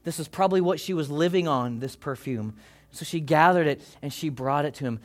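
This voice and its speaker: A pastor preaching a sermon to his congregation, impassioned and swinging from loud calls down to hushed near-whispers. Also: a little high, fairly quick. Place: church service before a congregation.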